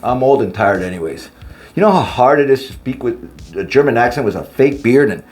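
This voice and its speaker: A man voicing a grumpy old Aristotle with a put-on German accent, loud and strained, in a comic skit. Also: lowish voice, expressive, brisk, soft background music, lightly acted. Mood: grumbling. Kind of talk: comedy skit.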